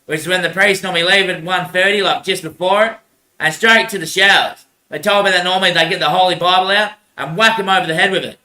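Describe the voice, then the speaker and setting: A man rambles alone on his own show, calling the listener son and mate. His voice is very bright and sharp, and it rings in an echoey room. He laughs often and trails off into low, muttered swearing. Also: steady tone, quick pace. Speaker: show host. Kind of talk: rambling solo monologue. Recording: roomy echo.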